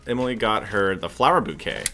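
A man's voice: lowish voice, lively intonation, a little fast, sharp tone, slight background noise. A man co-hosting a livestream, chatting casually and joking while building. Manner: chatty, laughs often, jokey. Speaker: co-host.

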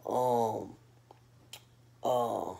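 A man's voice: lowish voice, steady tone, extremely slow, vocal fry, dark tone. A man from North Carolina talking casually to camera as a vlogger, boastful and rambling in street slang, a little sleepy.

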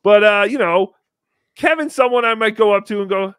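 A man's voice: sits high, normal speed, fairly bright tone, smooth, no echo, studio quality. Wry, swearing call-in podcast host man. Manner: wry, rambling, swears freely. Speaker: podcast host taking calls. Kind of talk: casual call-in chat.

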